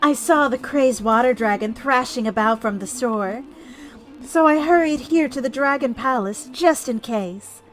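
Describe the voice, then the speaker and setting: A woman voicing an earnest young warrior priestess in a video game, with a breathy voice and an urgent way of speaking. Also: sits high, measured pace.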